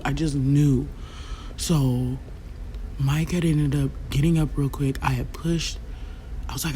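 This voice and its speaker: A young woman vlogger who tells a personal story in a casual, animated way, swearing freely and talking straight to her viewers. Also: rumbling low, normal speed, slight background noise. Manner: animated, swears freely, acts out quotes, talks to viewers directly.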